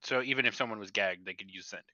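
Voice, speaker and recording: A man's voice: on the low side, racing, pushed and bright, muffled recording. A man chatting casually as a player in a tabletop game, upbeat and chatty.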